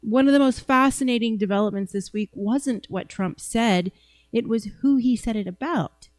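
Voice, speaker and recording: A woman's voice: a little high, normal speed, darkish tone, no room sound. A woman hosting a podcast, giving blunt, sarcastic commentary on news clips. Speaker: podcast host.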